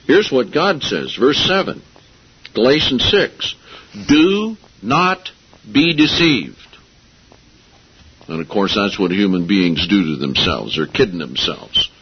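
A man's voice: low voice, big pitch swings, moderate pace, husky. A man preaching a sermon, talking casually with sarcasm and rising into emphatic outbursts. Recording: dull lo-fi audio.

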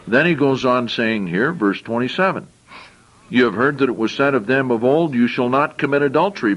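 Male preacher, mid-pitched voice, reads scripture then chats through it, repeats himself while thinking aloud. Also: animated, normal speed, fairly bright tone, poor audio. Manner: reads verses aloud, then explains in plain conversational asides. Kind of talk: sermon with scripture reading.

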